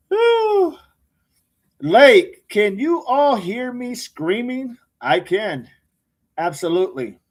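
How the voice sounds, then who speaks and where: A man's voice: sits high, expressive. A man hosting a casual livestream, reading out viewer comments by name and answering them with jokes. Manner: reads viewer comments aloud by name, joking and quick responses. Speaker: livestream host reading chat. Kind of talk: casual live chat.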